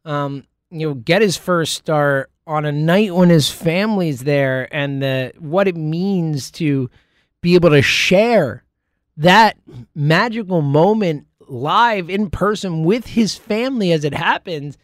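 A man hosting a sports talk show in a casual solo monologue, rambling and excitable, full of fillers and restarts. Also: fairly high pitch, slow, no room sound, studio quality. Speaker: sports podcast host.

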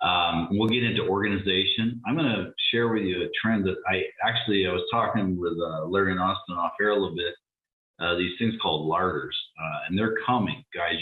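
A man hosting a radio talk show, chatty and upbeat with lots of fillers. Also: deep voice. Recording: distant, echoey, phone-like sound.

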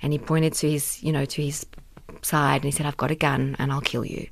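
A woman's voice: sits low, little pitch movement, fairly quick, vocal fry, slight background noise. A woman in her forties, a guest activist, giving candid and earnest personal testimony in conversation, with many fillers and restarts.

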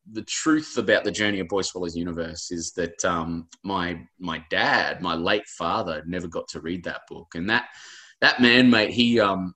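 A lower-pitched Australian man in his forties, talking as an author guest in an interview. He tells his stories earnestly and emotionally, and he rambles as he goes. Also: a bit bright. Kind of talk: interview conversation.

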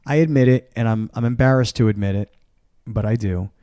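A man's voice: medium pitch, brisk, mellow, no echo, studio quality. A man hosting a podcast, talking candidly and rambling a little with many restarts. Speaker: podcast host. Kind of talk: casual interview chat.

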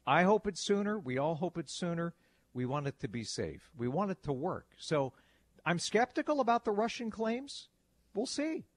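A man co-hosting a talk show, reading news items and adding wry comments. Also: mid-range voice.

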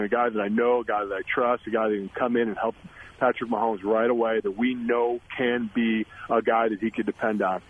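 A man phones in as a sports radio guest. He talks emphatically and repeats phrases to build his case. The tinny phone line adds a faint hiss. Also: medium pitch. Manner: emphatic, repeats himself while building a point. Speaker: guest, former football center. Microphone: phone call.

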